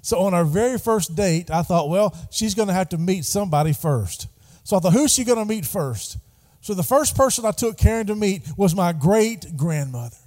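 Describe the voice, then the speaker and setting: A middle-aged pastor delivers a sermon, his voice set high and mellow. He calls out prompts for the congregation to echo back, and the church sanctuary gives a long reverb tail. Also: lively intonation, moderate pace. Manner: call-and-response preaching, prompting the congregation.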